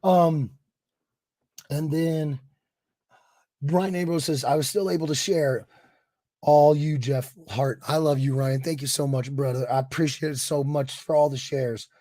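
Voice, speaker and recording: A hoarse man hosting a casual live stream, warmly reading viewers' chat aloud with rambling restarts and quiet mutters. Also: on the high side, steady tone, measured pace, no room sound. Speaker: streamer host.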